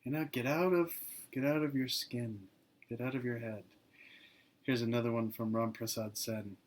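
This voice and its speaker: A man's voice: medium pitch, fairly even intonation, normal speed. A man giving an informal dharma talk as a meditation teacher, speaking loosely with many "you know"s and "like"s and laughing easily between phrases.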